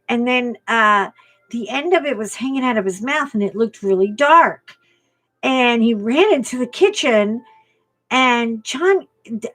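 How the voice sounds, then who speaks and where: A middle-aged woman hosting a coloring channel, chatting and telling a family story with laughs while she colors. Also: on the high side. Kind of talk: casual chat while coloring.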